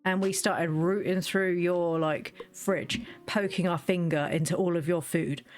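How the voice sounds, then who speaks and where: A woman, chatting casually while she plays a game and tells stories in a lively way. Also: on the low side, measured pace, faint music behind. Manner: chatty storytelling, lively quoted asides. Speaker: gaming video creator. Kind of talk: casual chat while playing.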